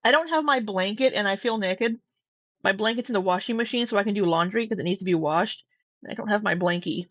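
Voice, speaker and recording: A woman's voice: medium pitch, fairly quick, a bit bright, no echo, muffled recording. Chatty woman host, dry close sound. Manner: chatty and gushing, rambling asides. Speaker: commentary host. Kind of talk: casual commentary.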